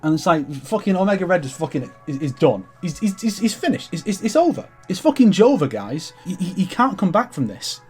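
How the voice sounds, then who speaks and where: A man's voice: sits high, big pitch swings, a little fast, hardly any pauses, slightly rough, soft background music. A young man chatting casually and enthusiastically about his comic collection, swearing freely and tripping over restarts. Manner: enthusiastic, profane, rambling with many restarts. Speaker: comics vlogger. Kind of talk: casual rambling collection show-and-tell.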